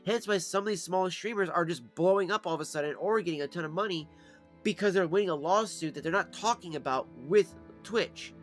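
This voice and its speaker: A man's voice: high voice, brisk. A man streaming live, ranting casually and profanely with exasperation. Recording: faint music behind.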